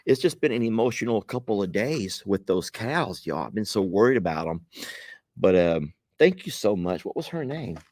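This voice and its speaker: A man's voice: on the low side, sing-song, moderate pace, a little mellow, dry recording, clean studio sound. A man hosting a casual vlog, chatting folksily and directly to his viewers as he opens gifts. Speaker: vlog host. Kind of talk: casual vlog chat while opening gifts.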